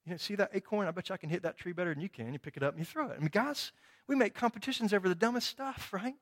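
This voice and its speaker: A middle-aged pastor preaches a sermon in a high, racing voice. He tells a personal story, quoting dialogue and tacking on frequent tag questions.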